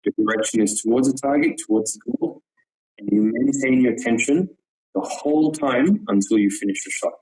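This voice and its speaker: A man talking as an archery coach in a webinar, explaining technique earnestly, repeating words for emphasis and checking in with a quick "yep". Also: mid-range voice, darkish tone, rough recording.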